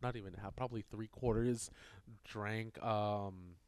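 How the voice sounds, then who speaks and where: A man's voice: fairly low pitch, fairly even intonation, unhurried, a little mellow, clear, resonant tone, no echo. A man telling a long rambling story in casual podcast chat, full of fillers and acted-out quotes. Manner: rambling, filler-heavy, mimics voices in anecdotes. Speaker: podcast co-host.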